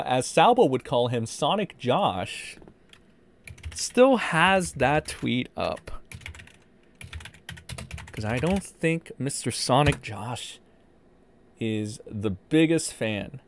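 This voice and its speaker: A man hosting a casual livestream, rambling and profane, in animated commentary. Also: fairly high pitch. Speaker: streamer host.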